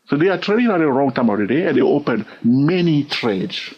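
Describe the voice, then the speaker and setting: Husky man with an accent teaching trading. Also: medium pitch, big pitch swings, a little fast. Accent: non-native English. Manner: repetitive, checks in with "all right?". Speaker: trading educator. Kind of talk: informal teaching talk. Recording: dull lo-fi recording.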